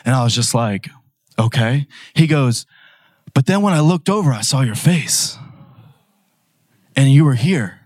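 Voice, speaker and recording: A young man preaching a sermon, telling a personal story in a casual, conversational way and building to loud, emphatic declarations. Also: mid-range voice, animated, a little slow, pauses often, no echo, studio quality.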